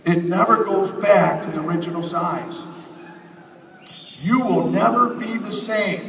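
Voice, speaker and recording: A man's voice: high voice, fairly bright tone, slight background noise. A man giving a rousing, repetitive motivational speech to a conference audience from a stage. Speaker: company leader speaking at a conference. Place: large conference hall. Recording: echoey hall from far off.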